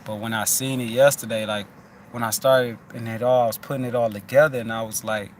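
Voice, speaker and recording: A man's voice: medium pitch, steady tone, a little fast, a little hiss or hum. A man hosting a loose, casual chat, talking in a rambling, profane way with many restarts.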